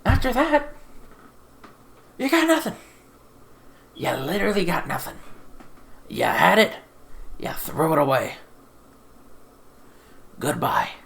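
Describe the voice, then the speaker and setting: A woman's voice: lowish voice, very animated, measured pace, vocal fry, pauses often. A woman giving a casual, exasperated film review into a desktop USB microphone while seated at home, repeating herself and swearing. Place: sitting in a chair at home.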